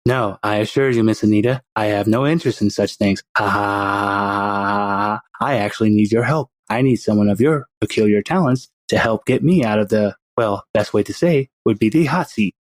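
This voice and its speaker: A man voicing a well-spoken male baby who talks formally and chuckles ha-ha-ha in a low voice. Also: no echo, close to an everyday voice. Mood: courtly, scheming. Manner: formal, polite, laughs ha-ha-ha slowly.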